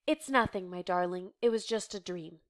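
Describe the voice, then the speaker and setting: A woman reading a play aloud, voicing a gentle mother who speaks in a soft, hushed, comforting way. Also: sits high, sing-song, normal speed, pitched above the performer's own voice. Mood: soothing.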